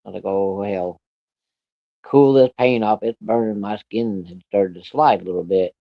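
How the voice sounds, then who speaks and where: A man's voice: fairly low pitch, fairly quick, creaky, no room sound, lo-fi sound. A man telling a personal story in a casual, plainspoken way, with plenty of profanity. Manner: plainspoken, profane, vivid retelling.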